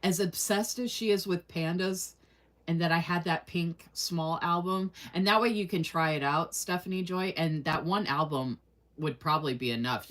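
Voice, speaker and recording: A woman's voice: low voice, fairly bright tone. A woman hosting a casual livestream, chatting with viewers, reading their comments aloud and laughing often. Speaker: livestream host.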